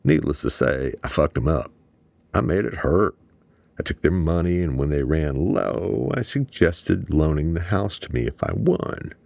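A man's voice: extremely low pitch, measured pace, creaky, dry recording, exaggerated voice. A man doing a brash, boastful gambler. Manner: brash, crude, excitable. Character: brash, boastful grown man, a party-loving gambler brother.

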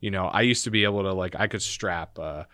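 Low-voiced man telling stories casually. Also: a little fast, dry recording. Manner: animated storyteller, acts out his grandmother in a raised voice. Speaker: podcast guest. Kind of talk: casual chat.

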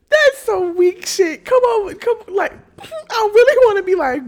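A woman's voice: very high-pitched, expressive, normal speed. A young woman hosting a podcast, ranting with lots of cursing and laughter and mocking the people she talks about. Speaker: podcast host. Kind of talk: casual podcast rant.

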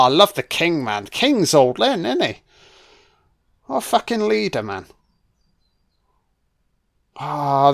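Male film commentator, laid-back and foul-mouthed, clean smooth voice. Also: fairly high pitch. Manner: swears freely, reacts excitedly to the action.

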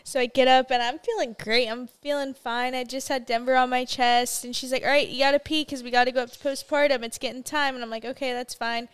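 Brief: young female co-host, a bit high, smooth clear voice, laid-back and chatty. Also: brisk, few pauses. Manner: relaxed, laughs easily, swears casually. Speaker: podcast co-host. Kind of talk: casual storytelling chat.

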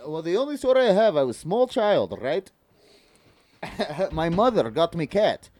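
A man doing a boastful Russian man who tells his tale in broken English, slow and deliberate. The voice sits higher and louder than usual and swoops with lively pitch. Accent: put-on Russian. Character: gruff Russian man telling a childhood story.

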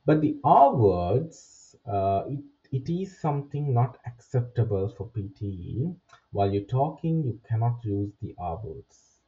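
A man's voice: fairly low pitch, very animated, a little slow. Muffled, distant male test-prep teacher. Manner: explains step by step, often checks with "right?". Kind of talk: spoken lesson.

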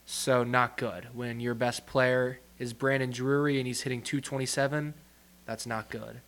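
A man's voice: medium pitch, level tone, unhurried, a bit bright. A young man co-hosting a casual podcast, talking in a rambling, opinionated and offhand way. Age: young adult. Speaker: podcast co-host. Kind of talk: casual chat.

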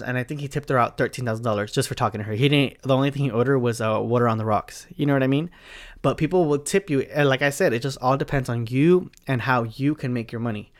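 A man's voice: medium pitch, fairly bright tone. Frank, chatty man swearing through bartending tips. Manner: frank, chatty, swears freely, many asides. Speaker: bartender sharing advice. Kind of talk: casual monologue vlog.

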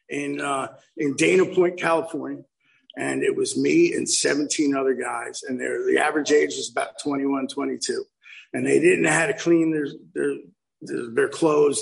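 A man's voice: a little high, creaky, low-quality recording. A man in his fifties telling his recovery story at a meeting, acting out the quotes with lots of animation. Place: meeting room.

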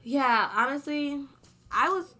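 Bright-voiced teen girl chatting. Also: sits high, slow pace. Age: late teens. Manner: animated, slangy storytelling. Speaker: podcast co-host. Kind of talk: casual chat.

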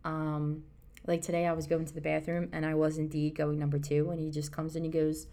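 A woman's voice: low-pitched, completely flat delivery, fairly quick, dark tone. A woman in her thirties co-hosting a casual podcast, talking earnestly and rambling with restarts. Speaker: podcast co-host. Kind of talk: casual chat.

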